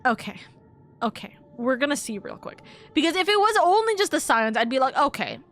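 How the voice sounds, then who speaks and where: A woman's voice: high-pitched, very animated, a little fast, a bit bright. A young woman streamer chatting casually while playing a game; she swears a lot and her voice jumps up when she gets upset. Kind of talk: casual gameplay chat.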